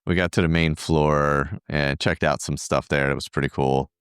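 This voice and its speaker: A man's voice: very deep voice, steady tone, normal speed, fairly bright tone, smooth, dry recording, clean studio sound. A middle-aged man, a podcast co-host, recounting a trip in casual, rambling chat full of fillers. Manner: rambling, filler-heavy storytelling.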